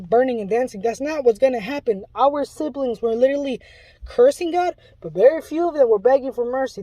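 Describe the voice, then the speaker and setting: A man's voice: extremely high pitch, mellow, no room sound. A man delivering an impassioned spoken warning, pleading and urgent in a preachy way, often restarting his sentences. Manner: rambling with restarts. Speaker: self-described Luciferian giving a testimony.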